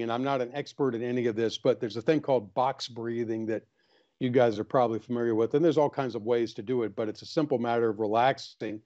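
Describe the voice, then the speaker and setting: An older man, an author appearing as a guest, talks earnestly in a casual interview and acts out voices in little anecdotes as he tells stories. His voice is medium in pitch with a dark tone, and the recording sounds lo-fi.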